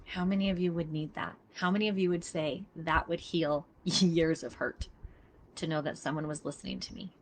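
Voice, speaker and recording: A woman's voice: sits low, fairly even intonation, moderate pace, slight background noise. A middle-aged woman giving a casual live teaching talk, earnest and emphatic, speaking straight to her listeners. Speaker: body mapping teacher. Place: outdoors near traffic.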